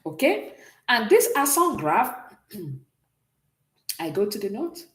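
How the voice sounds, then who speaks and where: A woman's voice: mid-range voice, big pitch swings, slow pace, a bit bright, roomy sound. A woman teaching a beginners' French class, patiently explaining and often checking in with "okay?". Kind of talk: online class lesson.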